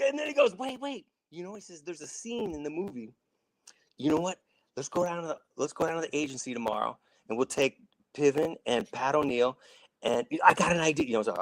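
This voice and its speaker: Man, middle-aged, animated, restarts often, acts out quotes, dry sound. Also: a little high, dry recording, poor audio. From Saint Louis. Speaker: actor guest. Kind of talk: casual storytelling.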